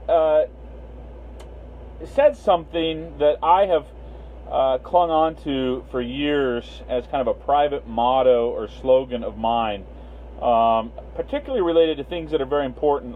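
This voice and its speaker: A man's voice: medium pitch, unhurried. Guy on a livestream rambling w lots of uhs, phone-line quality sound, light hiss. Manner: rambling, many fillers, greets viewers by name. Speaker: livestream host. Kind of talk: casual livestream talk. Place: Las Vegas.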